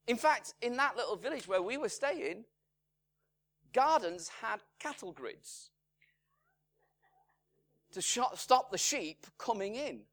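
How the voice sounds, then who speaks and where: A pastor delivers a sermon in a fairly high male voice. He speaks slowly and deliberately. His volume rises to strong emphasis and then sinks to hushed, quiet phrases. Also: expressive. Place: church in Salford.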